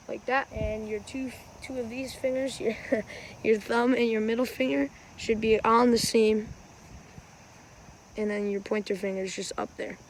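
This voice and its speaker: A woman's voice: a little high, rough recording. A woman hosting a casual how-to vlog outdoors on a windy day, rambling and correcting herself as she explains, recorded on a phone. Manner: rambling, chatty, self-correcting. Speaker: wiffleball player and channel host. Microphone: phone camera.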